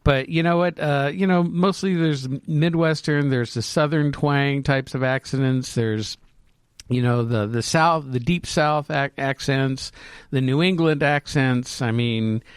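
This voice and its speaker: A man's voice: medium pitch, clear, resonant tone, no echo, studio quality. A man from California, chatting as a podcast co-host and rambling as he thinks aloud. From California, United States. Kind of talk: casual chat.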